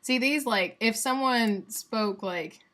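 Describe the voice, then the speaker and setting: A woman's voice: on the high side, slow pace, pushed and bright. Chatty Southern US woman teaching sounds. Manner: chatty and playful, demonstrating sounds aloud. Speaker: streamer teaching phonetics. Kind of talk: casual livestream lesson.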